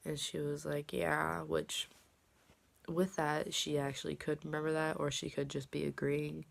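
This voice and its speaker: Young woman vlogger, low gravelly voice, rambling chatty delivery. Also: little pitch movement, a little slow. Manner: rambling, filler-heavy, drops into soft whispers. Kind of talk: casual personal vlog.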